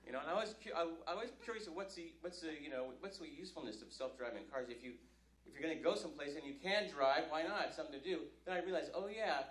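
A man's voice: on the high side, expressive, fast, a bit bright, a little hiss or hum. A man from Northern California doing a rambling, self-deprecating stand-up set on a comedy club stage. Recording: live club recording, roomy with crowd.

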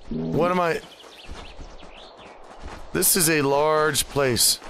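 A man's voice: fairly high pitch, fairly even intonation, very slow, vocal fry, long pauses, fairly bright tone, slight background noise. A man hosting a let's play, chatting playfully and with swearing as he talks in first person as his cat character and throws in mock meows over game music. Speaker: gaming channel host.

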